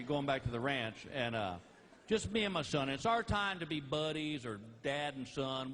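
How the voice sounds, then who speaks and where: A man's voice: a little high, a bit bright. A middle-aged man doing stand-up storytelling, chatty and amused, often laughing at his own stories. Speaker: stand-up comedian.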